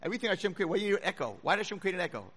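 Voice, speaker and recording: A man's voice: high-pitched, very animated, rapid-fire, a bit bright, heavily acted. A man voicing a young boy who cries out and asks whiny, indignant questions.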